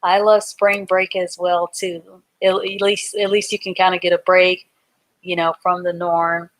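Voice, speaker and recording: A woman's voice: on the low side, flat delivery, a little slow. A woman teaching a live online reading class, patiently spelling words out letter by letter and explaining them simply.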